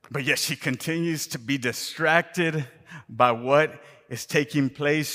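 A man delivering a sermon, repeating rhetorical questions to the congregation and moving between loud impassioned preaching and near-whispers. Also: fairly high pitch. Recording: long reverb of a large hall.

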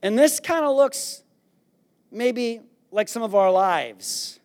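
A man preaching a sermon, retelling a scripture story in a playful, animated way and acting out the characters. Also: extremely high pitch, slow. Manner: animated storytelling, acts out disciples with a raised voice; playful, jokes with the congregation. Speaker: pastor.

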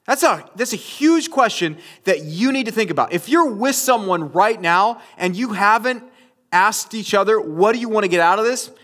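High-voiced man telling a sermon story. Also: animated, normal speed, a bit bright. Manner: conversational, storytelling, addresses audience as you guys. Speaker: pastor.

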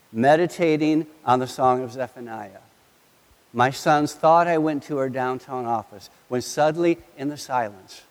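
A middle-aged man preaching a sermon as a pastor, telling a family story with animated delivery and acting out his sons' lines. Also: medium pitch. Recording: long hall reverb.

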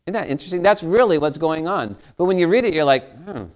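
A man's voice: fairly high pitch, lively intonation, fast talker. A man preaching a sermon as a pastor, telling stories in a conversational way and asking his listeners questions.

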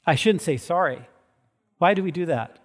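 A man's voice: fairly high pitch, expressive, normal speed. Earnest man preaching in an echoing hall. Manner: earnest, emphatic, repeats key words. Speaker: pastor. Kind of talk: sermon. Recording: long hall reverb.

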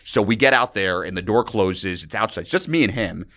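A man from New York City, a comedian guesting on a podcast, telling a story in casual chat, animated and acting out quotes. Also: fairly low pitch, fairly quick. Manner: animated, acts out quotes, laughs often.

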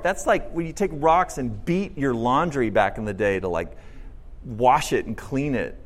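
Speaking at a moderate pace in a mid-range voice, a male pastor preaches with animation. He asks the congregation questions and dramatizes the quotes in his sermon.

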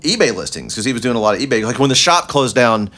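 Man, casual chat, wry and laid-back, pitch moves a lot. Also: very animated, fast talker, a bit bright. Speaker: former guitar shop worker.

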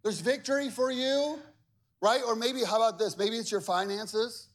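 A male pastor preaching a sermon, animated and conversational, with humor and acted-out quotes. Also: very high voice, normal speed. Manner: acts out quoted voices with big swings in loudness.

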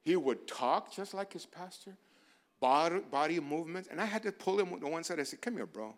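A man preaching a sermon as a pastor, moving from quiet asides to loud, urgent exhortations. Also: on the high side, moderate pace. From barrio in the United States.

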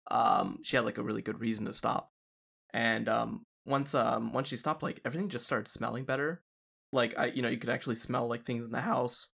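A man co-hosting a casual podcast, talking in a relaxed, hesitant way with many fillers. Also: mid-range voice, fairly quick, gravelly. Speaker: podcast co-host.

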